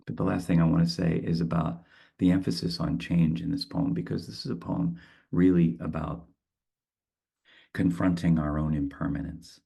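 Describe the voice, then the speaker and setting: A man with a very low, heavily gravelly voice guides a meditation and reads poetry aloud. His tone is husky and unhurried, and he sometimes stumbles and repeats a word as he searches for his thought. He speaks as a reflective poet. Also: little pitch movement, dark tone. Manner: slow, thoughtful, with halting repeats. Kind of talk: reflective talk and poetry reading.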